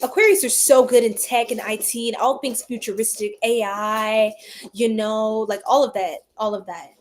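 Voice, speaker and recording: Bubbly woman livestream host, higher voice. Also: steady tone, normal speed. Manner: bubbly, greets viewers by name, laughs often. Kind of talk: casual livestream chat reading comments.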